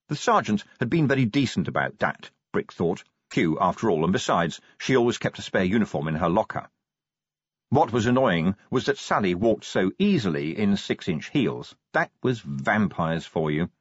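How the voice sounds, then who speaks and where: A man reading a novel aloud as an audiobook narrator, in a wry, measured storytelling manner. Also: fairly low pitch, husky, dry recording, muffled recording. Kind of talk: scripted narration.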